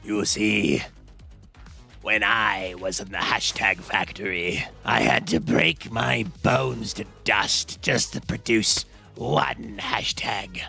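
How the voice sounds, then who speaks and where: A man voicing an evil creature who works in a hashtag factory, in a strained, low growl with a slow, drawn-out menacing delivery. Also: fairly even intonation, vocal fry, bright, forceful tone, soft background music, full character voice.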